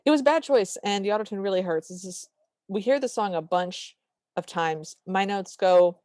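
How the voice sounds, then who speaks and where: With a medium-pitched voice and moderate pace, a woman on a podcast co-hosting duty animatedly recaps a movie, doing voices for the characters' quotes. The talk is casual, and the recording is dry and studio quality.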